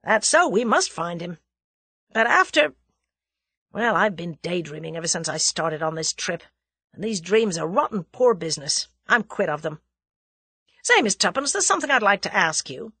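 A woman's voice: lowish voice, very animated, moderate pace, pushed and bright, slightly rough, no echo, studio quality, full character voice. A woman voicing a brash, friendly young American man who talks in folksy slang. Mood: earnest.

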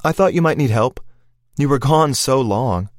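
Jittery young woman covering herself, high and eager, played by a male narrator. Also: lively intonation, moderate pace, no echo, clean studio sound, natural voice. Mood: nervous. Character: nervous young woman, lying under pressure.

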